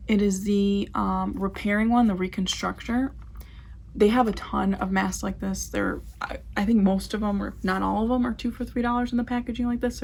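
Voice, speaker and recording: A woman's voice: mid-range voice, vocal fry, husky. A young woman casually reviewing hair products in a vlog, chatty and full of "like" and "um" fillers. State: out of breath. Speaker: beauty vlogger.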